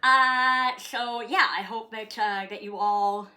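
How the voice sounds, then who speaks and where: A woman's voice: on the high side, fairly even intonation, slow pace, bright, forceful tone. A woman from Canada chatting casually in her vlog, talking to her dog and swearing freely. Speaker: vlogger. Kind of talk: casual chat.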